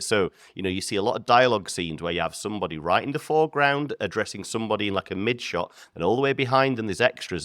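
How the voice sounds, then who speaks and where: A man's voice: fairly low pitch, fairly bright tone, no echo, clean studio sound. A man co-hosting a film podcast, talking animatedly about filmmaking with frequent stumbles and restarts. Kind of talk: casual film discussion.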